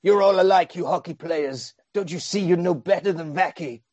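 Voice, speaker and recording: A man's voice: high-pitched, normal speed, a little mellow, dry recording, pitched above the performer's own voice. A man doing a preachy young woman. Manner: lecturing.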